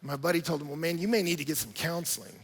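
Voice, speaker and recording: A man preaching in a large church auditorium, his husky voice carrying long reverb from the room. He talks to the congregation in a lively, conversational way, tossing in playful asides, and his voice sits high for a man. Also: fast. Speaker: pastor. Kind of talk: sermon.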